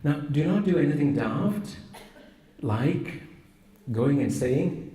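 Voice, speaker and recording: A priest giving a humorous sermon, teasing with rhetorical questions. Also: male voice, a little high, lively intonation, slow, pauses often, dark tone, far from the mic. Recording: roomy echo, voice from afar.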